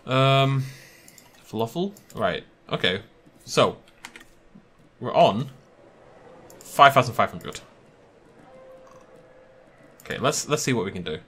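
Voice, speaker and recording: Brief: young gaming commentator, animated delivery, bright and forceful, chatty and self-amused. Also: male voice, medium pitch, slow, pauses often. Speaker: gaming YouTuber. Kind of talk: casual gameplay commentary.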